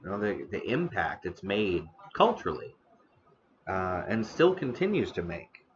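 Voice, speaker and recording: A man hosting a casual live stream about the history of noodles, talking slowly with many fillers and restarts, eating now and then. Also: sits low, very animated, highs cut off, slight background noise. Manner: eating on stream between remarks. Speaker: streamer host.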